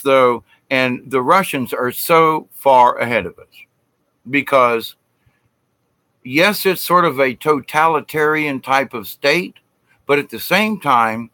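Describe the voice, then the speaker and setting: Male host, casual rambling monologue, bright tone, dry close sound. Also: mid-range voice, no room sound. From United States. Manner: rambling, self-interrupting, conspiratorial. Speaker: channel host.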